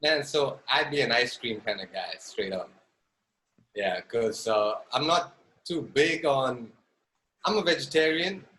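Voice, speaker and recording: Relaxed Zambian-accented man. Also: medium pitch, unhurried, slight background noise, rough recording. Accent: Zambian English. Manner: relaxed, talks with "man" and "you know". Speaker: podcast guest. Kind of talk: casual interview chat.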